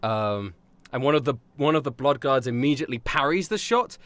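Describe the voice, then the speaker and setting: A man's voice: medium pitch, animated, fairly quick, a bit bright, dry recording. A man running a tabletop game as dungeon master, narrating loosely with lots of fillers and laughter.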